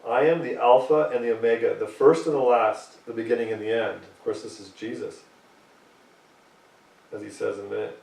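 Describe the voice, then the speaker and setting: A man's voice: mid-range voice, normal speed, creaky, darkish tone, roomy sound, recorded from a distance, low-quality recording. A man preaching a sermon, reading scripture aloud and pressing his points emphatically.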